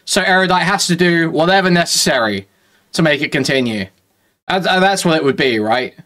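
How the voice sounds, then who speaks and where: A man's voice: fairly high pitch, expressive, fairly quick, pushed and bright. A man hosting reaction commentary, sarcastic and mocking in tone. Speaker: commentary host.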